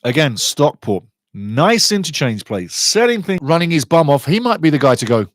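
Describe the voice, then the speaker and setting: A man's voice: on the high side, big pitch swings, normal speed, dry recording. A man hosting a live football watch-along, giving chatty fan commentary and reading out viewer comments.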